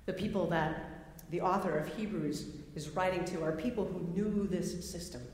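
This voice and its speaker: A woman's voice: lowish voice, normal speed, a little mellow, slight background noise. A woman preaching a sermon, emphatic and repeating phrases for effect. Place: large worship hall. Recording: echoey hall with long reverb.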